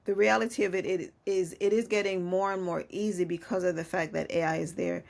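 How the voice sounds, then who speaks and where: A woman's voice: lowish voice, steady tone, fairly quick, gravelly. Chatty woman podcast host. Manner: chatty, full of "you know" fillers, laughs often. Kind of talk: casual conversation.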